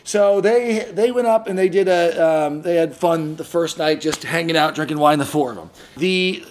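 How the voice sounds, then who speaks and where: A man hosting a podcast, telling a long story in a casual, animated way, acting out the people he quotes and often restarting his sentences. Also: a little high, normal speed, a little hiss or hum. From San Diego area. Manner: animated, acts out quoted voices, frequent restarts. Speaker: podcast host.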